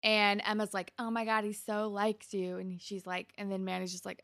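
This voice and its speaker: Gravelly-voiced chatty woman. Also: mid-range voice, level tone, fairly quick, few pauses, fairly bright tone, no echo, studio quality. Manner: chatty, laughs often, acts out quotes. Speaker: podcast co-host. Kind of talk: casual TV recap chat.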